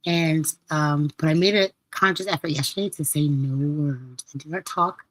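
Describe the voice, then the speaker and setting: A woman hosts her live podcast in a low, slightly hoarse voice. She chats casually and laughs as she tells stories with playful quoted asides. The close mic gives a dry sound with no room echo. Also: moderate pace, fairly bright tone. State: hoarse, recovering voice. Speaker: podcast host. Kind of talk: casual live-stream chat.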